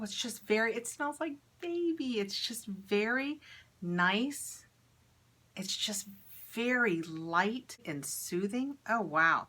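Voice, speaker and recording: A middle-aged woman chatting through a beauty unboxing, reading product labels aloud and dropping to soft murmurs as she tries things. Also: on the low side, husky. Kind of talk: casual unboxing chat.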